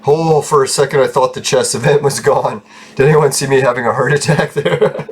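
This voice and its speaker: A man's voice: mid-range voice, moderate pace. Guy laughing and cussing while he plays, mid voice, bit of background noise. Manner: laughs often, swears freely, rambling. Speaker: gaming channel host. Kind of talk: casual gameplay commentary.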